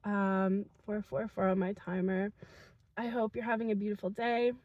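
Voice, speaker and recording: A young woman giving an intuitive spiritual message to her viewers, soft and earnest, with many fillers and moments of emotion. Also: medium pitch, level tone, moderate pace, no room sound, muffled recording. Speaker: spiritual channel reader.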